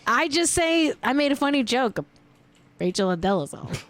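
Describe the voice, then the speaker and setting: A woman's voice: sits high, very animated, moderate pace, a bit bright, no room sound. A young adult woman hosting a celebrity gossip show, chatting casually and joking with frequent giggles. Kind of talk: casual live-stream chat.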